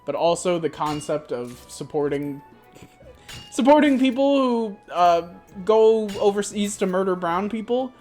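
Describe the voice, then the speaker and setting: A young woman streamer chatting casually in a rambling, animated way, swearing freely. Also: lowish voice, unhurried, hardly any pauses, faint music behind. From United States. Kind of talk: casual chat.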